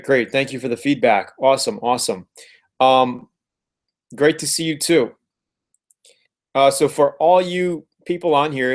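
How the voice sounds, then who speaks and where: A man hosting a casual live stream from home, upbeat and fond of repeating words as he greets viewers. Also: mid-range voice. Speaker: host of a live car-flipping webinar.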